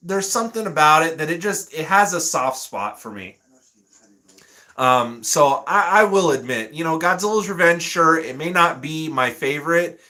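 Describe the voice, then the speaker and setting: A man's voice: on the high side, sharp tone. A man hosting a casual live stream, reading viewer comments aloud and laughing often. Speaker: livestream host reading chat.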